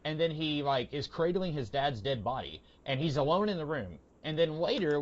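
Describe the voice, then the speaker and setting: A man in casual podcast conversation, rambling along with plenty of fillers. He keeps slipping into quick quoted lines of what people said. The audio is somewhat muffled and lo-fi. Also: medium pitch. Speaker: podcast co-host. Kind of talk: casual comic book review chat.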